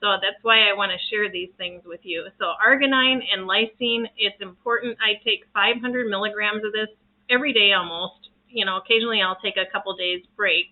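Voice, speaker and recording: A woman's voice: medium pitch, brisk, few pauses. A woman who practises reiki talks casually to camera in an earnest, rambling way, restarting her sentences often. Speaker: reiki practitioner sharing home remedies. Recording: tinny phone-like sound.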